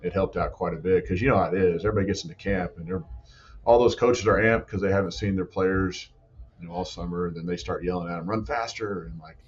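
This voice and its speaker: Deep-voiced coach with dull lo-fi sound. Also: male voice, fast talker, a little hiss or hum. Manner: animated storytelling, many "like" and "you know" fillers. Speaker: football strength and conditioning coach. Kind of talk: casual podcast conversation.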